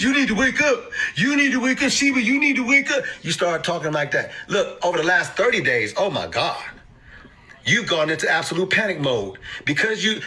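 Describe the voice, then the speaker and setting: Bright-voiced, emphatic man explaining crypto. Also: low-quality recording. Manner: emphatic, street-casual, mimics panicked investors in high bursts. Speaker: crypto investing host. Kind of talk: animated instructional talk to camera.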